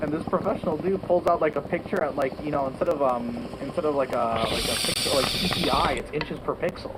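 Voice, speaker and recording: Mumbling man in heavy noise. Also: fairly high pitch. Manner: mumbling, halting, full of fillers. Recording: noisy recording.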